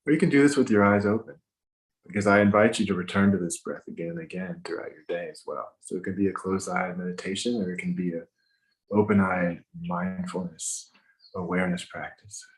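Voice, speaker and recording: Deep-voiced man guiding a meditation. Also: steady tone, poor audio. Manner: slow, gentle instructions with pauses. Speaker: meditation teacher. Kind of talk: guided breathwork meditation. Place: home with windows open.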